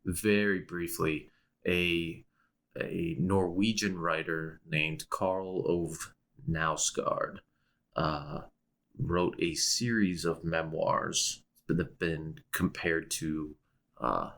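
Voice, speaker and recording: A young man with a very deep voice, co-hosting a casual podcast. He rambles, restarts his sentences and laughs often as he chats. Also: flat delivery, very slow, gravelly, fairly bright tone. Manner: rambling, self-interrupting, with frequent restarts and laughs. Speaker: podcast co-host. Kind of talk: casual chat.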